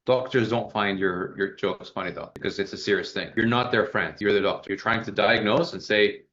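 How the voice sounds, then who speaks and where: Fast-talking male sales coach, lo-fi. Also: lowish voice. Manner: fast, animated, acts out sample questions. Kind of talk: casual coaching feedback.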